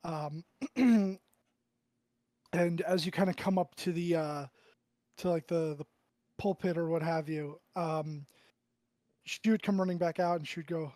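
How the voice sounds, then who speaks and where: A man running a tabletop game as game master, narrating with many pauses and throat-clearing. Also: fairly high pitch, steady tone, a little mellow, no room sound. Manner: halting, full of ums and throat-clearing.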